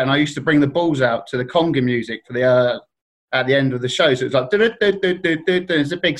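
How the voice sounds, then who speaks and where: A man's voice: mid-range voice, rough recording. A man from Surrey, a guest on a casual podcast, telling stories and acting out other people's voices. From Surrey, England.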